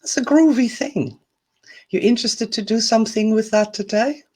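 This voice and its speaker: A woman's voice: on the high side, normal speed, dark tone, slightly rough. A woman teaching a self-help lesson in a chatty, playful, emphatic way. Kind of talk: recorded video lesson.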